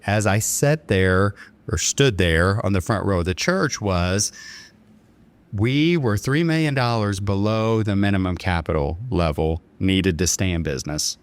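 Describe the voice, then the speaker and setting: A man, speaking as a podcast guest. He tells a personal story earnestly and dramatically, acting out the lines of the people in it. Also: fairly low pitch. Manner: earnest, dramatic retelling with quoted dialogue. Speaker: bank chairman and podcast guest. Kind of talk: storytelling in an interview.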